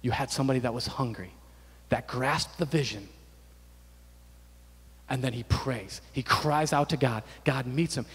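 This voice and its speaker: A man's voice: mid-range voice, breathy edge, long reverb tail. A man preaching a sermon to his church, emphatic and repetitive, building to fervent declarations. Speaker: pastor.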